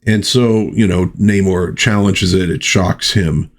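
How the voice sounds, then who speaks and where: A deep-voiced, unhurried American man reviews vintage comics in casual commentary. His talk is chatty and rambling, packed with asides and restarts.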